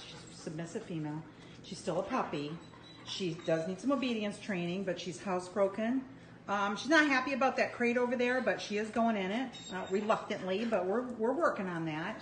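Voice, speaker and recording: A woman's voice: medium pitch, slight background noise. Chatty woman in an echoey room. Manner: chatty, affectionate, rambling with fillers. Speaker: dog rescue foster volunteer. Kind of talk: casual talk to camera.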